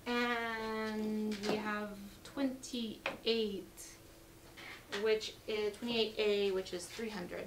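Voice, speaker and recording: A woman's voice: medium pitch, level tone, drawn-out words, distant mic, background noise. A woman hosting a live jewelry sale, chatty and upbeat as she reads out lot numbers and prices, her voice getting worn. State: losing her voice.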